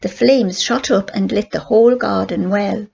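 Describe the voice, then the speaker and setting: An older woman, a grandmother, reading a children's book aloud in steady, plain narration. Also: mid-range voice, normal speed, gravelly, slightly rough, lo-fi sound. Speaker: grandmother storyteller.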